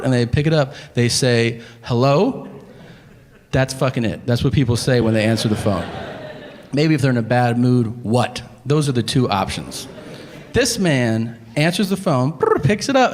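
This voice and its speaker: A man doing stand-up, telling a story in a profane, incredulous, exasperated way. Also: mid-range voice. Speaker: stand-up comedian. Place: live comedy venue. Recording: live hall reverb, faint room ambience.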